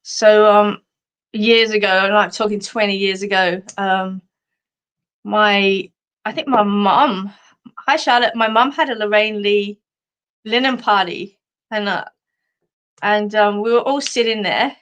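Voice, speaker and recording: A woman's voice: mid-range voice, a little slow, pauses often, a bit bright, clean tone. A middle-aged Australian woman hosting a live stream, chatting casually and rambling through funny stories with frequent laughter. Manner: chatty, rambling storyteller who laughs often.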